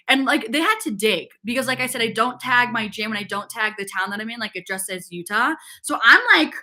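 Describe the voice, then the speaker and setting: A young woman from upstate New York chats on a livestream, spilling a long story and looping through "like" after "like" as she goes. Her voice sits on the higher side and rings with a sharp, bright edge. She stops now and then to answer comments from the chat. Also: brisk, hardly any pauses. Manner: rambling gossipy storytelling, constant "like" fillers. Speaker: fitness livestreamer.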